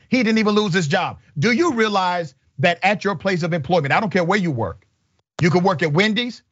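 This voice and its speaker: A man hosting a commentary show, with an emphatic, indignant delivery full of rhetorical questions. His voice sits a little high. The sound is dry and slightly dull. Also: fairly bright tone, no room sound. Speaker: show host.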